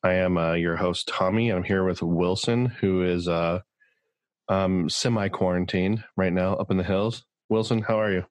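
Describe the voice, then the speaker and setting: A man with a low voice hosts a casual podcast from California. He rambles good-naturedly, filling pauses with ums and uhs. The sound is dry and close. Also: fairly even intonation, dry recording. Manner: rambling, joking, many fillers. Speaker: podcast host.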